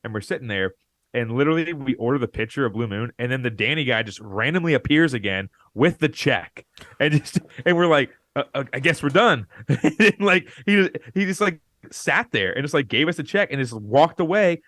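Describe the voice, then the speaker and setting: A man's voice: mid-range voice, moderate pace, no echo. Man telling a rambling story, dry sound. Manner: rambling, animated, acts out quoted lines. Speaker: podcast co-host. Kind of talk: casual storytelling chat.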